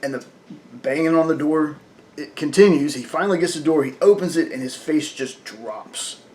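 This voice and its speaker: A man's voice: a little high, normal speed, a little mellow. A man reviewing a comic book in casual talk, chatty and full of fillers, often laughing.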